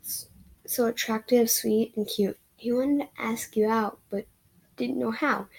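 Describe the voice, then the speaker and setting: A woman's voice: fairly high pitch, fairly even intonation, a little slow, creaky, slightly rough, rough recording. A woman reading a romance fan story aloud in a casual way, sometimes stumbling over words. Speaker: reader of fan fiction.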